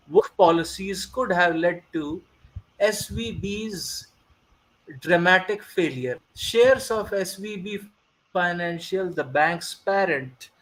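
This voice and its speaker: A man with a high voice reads a news piece aloud, slow and deliberate. He stumbles and restarts lines as he goes, talking over an online call. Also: a bit bright, low-quality recording. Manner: reads slowly with halting restarts. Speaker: co-host reading a news article. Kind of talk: casual group chat, reading aloud.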